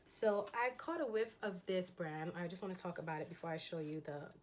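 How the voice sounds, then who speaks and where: A woman with a slightly low-pitched voice chats eagerly through a shopping haul. She rambles casually, filling pauses with ums and small laughs. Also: slight background noise. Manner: chatty and enthusiastic, frequent ums and laughs. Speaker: fashion haul vlogger. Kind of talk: casual haul chat showing items.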